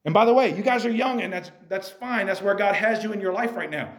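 A man preaching a sermon to a youth group, animated, swinging from quiet talk to shouting and speaking straight to his listeners. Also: sits high, quick pace.

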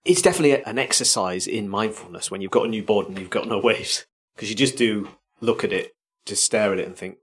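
A man's voice: on the low side, fast talker. A man co-hosting a podcast in casual chat, telling stories with self-mocking humour. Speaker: podcast co-host.

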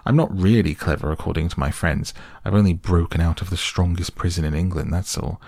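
Guy reading as a show-off toad, loud and braggy, gravelly low voice, storybook style. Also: fairly quick, no room sound, clean studio sound. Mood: boastful. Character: boastful conceited male toad, excitable.

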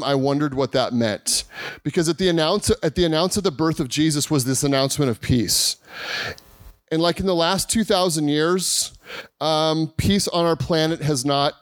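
A man preaching a holiday sermon with a fairly high voice. He tells his story with lively energy and acts out other people's lines. The sound is dry and close. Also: no echo. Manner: lively storytelling with acted-out quotes. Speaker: pastor. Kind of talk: Christmas Eve sermon. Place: church service.

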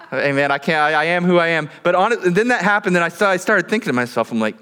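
A male pastor with a slightly high voice, preaching and telling stories in a low-key, dryly humorous manner. His words ring out with the long reverb of a large church hall. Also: lively intonation, fast, few pauses, bright, forceful tone, clear, resonant tone. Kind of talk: sermon with prayer and storytelling.

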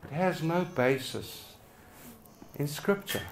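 A middle-aged man preaching a passionate sermon to his congregation, swinging from loud urging to quiet, hushed lines. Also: a little high, slow pace, a little hiss or hum. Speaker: pastor. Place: church hall with a congregation.

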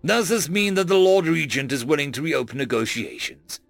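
A man's voice: a little high, lively intonation, moderate pace, creaky, soft background music. A man voicing an earnest, polite male ambassador and war veteran.

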